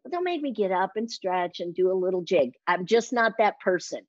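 A woman's voice: medium pitch, fairly quick, dry recording, highs cut off. A woman speaking coach talking energetically as an interview guest, acting out little quotes in changing voices. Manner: energetic, acts out quotes with shifting voice. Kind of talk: lively interview talk.

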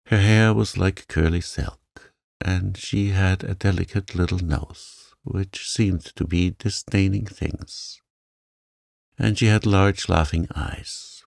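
Slow, deep, gravelly male narrator. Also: steady tone, dry recording, studio quality. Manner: slow, soft and gentle. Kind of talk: calm sleep-story narration.

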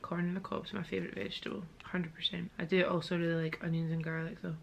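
A young woman talks straight into a handheld camera in a hotel room, candid and rambling while she feels unwell. Her voice has a gravelly fry. A faint hiss sits behind her. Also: fairly low pitch, level tone, quick pace, hardly any pauses. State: feeling unwell. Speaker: vlogger. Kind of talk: casual vlog talking to camera.

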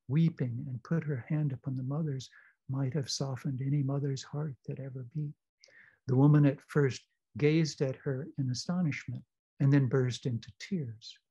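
A male professor who lectures hesitantly and stops often on fillers, then reads passages aloud at a steady, measured pace. His voice is dark and slightly husky. The sound is dull and lo-fi, as on a video call. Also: medium pitch. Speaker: discussion leader, professor.

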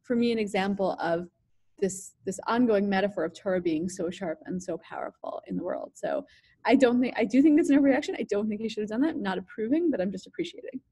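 A woman co-teaching a text study, talking in a rapid, chatty way full of "like". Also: mid-range voice, expressive, dark tone, husky. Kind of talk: conversational text discussion.

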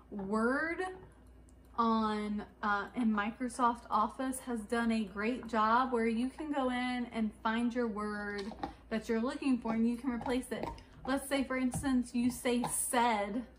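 A woman's voice: fairly high pitch, a little hiss or hum. A woman giving casual, rambling advice to new authors, with fillers and restarts along the way. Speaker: writing vlogger giving advice. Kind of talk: casual advice talk to camera.

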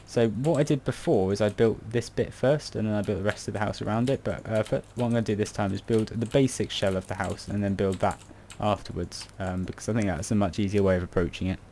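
A man's voice: fairly low pitch, fast talker, few pauses, warm tone, a little hiss or hum. A British man giving casual commentary on a building tutorial, rambling and muttering to himself with self-mocking asides. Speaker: game tutorial creator.

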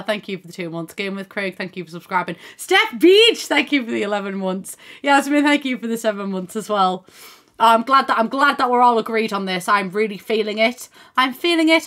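A young woman talking her way through a building game on a live stream, thinking aloud and thanking her viewers one by one. Her voice sits a little high and sounds bright and clear, and she slips in the odd casual swear word. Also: brisk. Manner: swears casually and laughs often. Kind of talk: casual gaming stream chat.

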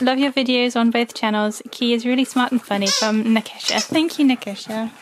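A woman's voice: fairly high pitch, normal speed, background noise. A woman chatting casually as she opens fan mail at home and coos at her dog in a sing-song voice. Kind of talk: casual chat.

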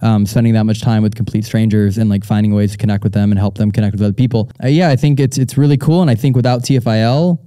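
A man's voice: fairly low pitch, fast, few pauses, dry recording. A young man hosting a live audience Q&A, talking casually and rambling with frequent fillers and restarts. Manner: relaxed and rambling, many fillers and restarts, laughs often. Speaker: show host. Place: stage at a live audience event.

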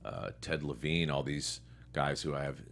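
A man's voice: extremely low pitch, normal speed, creaky. A man from New York and Connecticut, a guest actor telling stories in a casual interview chat. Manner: relaxed storyteller, quoting others in his own voice.

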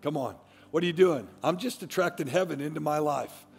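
A middle-aged pastor with a gravelly, slightly high voice preaches a fiery sermon, dropping to near-whispers and then rising to shouts. His words ring out with the long reverb of a large church, and faint music plays underneath. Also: fairly quick.

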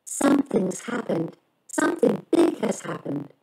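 A woman's voice: fairly low pitch, measured pace, creaky, soft background music, full character voice, low-quality recording. A woman voicing an impatient, curious young girl who pleads and talks eagerly in a storybook reading. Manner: eager, pleading, rising excitement.

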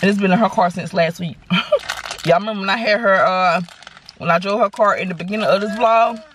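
A woman, telling a story to her viewers in a casual, animated, sassy way from inside a car. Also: fairly low pitch. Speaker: vlogger. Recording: car noise behind the voice. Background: car and road noise.

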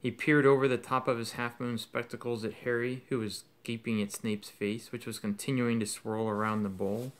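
A man's voice: mid-range voice, level tone, moderate pace, few pauses. A man reading a novel aloud as an audiobook, telling the story expressively. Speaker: audiobook reader.

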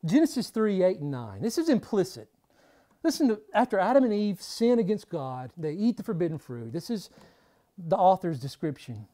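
Emphatic woman preaching with lively pitch. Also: moderate pace. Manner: emphatic, repeats key phrases for stress; swings between hushed and forceful delivery. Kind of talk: sermon.

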